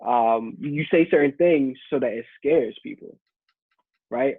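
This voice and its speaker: Male co-host, relaxed rambling talker, husky, lo-fi phone-quality audio. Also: mid-range voice, measured pace, dry recording. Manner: loose, repeats words. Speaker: podcast co-host. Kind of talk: casual chat. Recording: husky voice over thin phone-like line.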